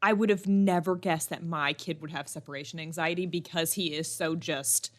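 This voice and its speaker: A young woman co-hosting a podcast, telling stories in casual chat with lively animation and frequent laughter. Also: low voice. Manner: animated storyteller, quick to laugh. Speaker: podcast co-host.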